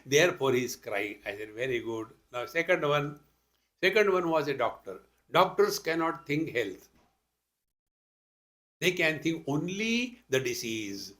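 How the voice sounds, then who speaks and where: A man's voice: a little high, a bit bright. An older man with an Indian accent giving a spiritual talk, telling stories with rhetorical questions and humorous asides. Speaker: spiritual teacher. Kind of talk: spiritual discourse to an audience.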